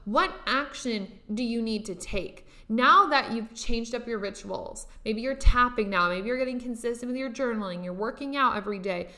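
A woman's voice: on the high side, normal speed, few pauses, pushed and bright. A young adult woman, a spiritual coach, talking casually and motivationally to her listeners, with lots of filler words and casual swearing.

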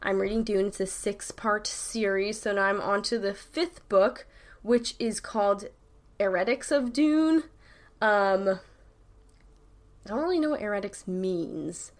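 A woman's voice: medium pitch, measured pace. A young adult woman from New York with a New York accent, chatting casually to camera with rambling, slang-heavy talk full of "like" and "literally". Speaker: YouTuber.

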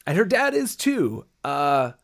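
Pitched on the high side with big swings in intonation, this co-host speaks slowly. He chats loosely and drifts, dramatizing the reactions he quotes.

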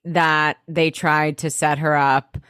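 A woman with a low voice co-hosts a podcast in loose, casual chat. She swears freely and laughs easily, and the recording is dry and close. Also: level tone, slow, a bit bright, smooth, no room sound. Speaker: podcast co-host.

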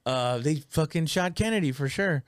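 A man's voice: fairly high pitch, lively intonation, normal speed, smooth, no echo, clean studio sound. Rambling, joking man on a podcast. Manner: rambling, many restarts and fillers, swears, joking. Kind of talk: casual podcast chat.

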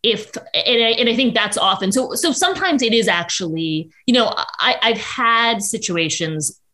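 A woman, a journalist guest on a podcast, talking casually in quick bursts with frequent restarts. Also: on the high side, lively intonation, pushed and bright. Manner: chatty, quick with many restarts.

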